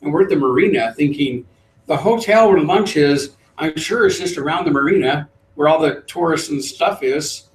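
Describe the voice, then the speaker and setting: A middle-aged man, a trainer, telling a lively story to a live group and acting out the voices. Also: a little high, moderate pace. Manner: animated storyteller, acts out voices. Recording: roomy, distant mic.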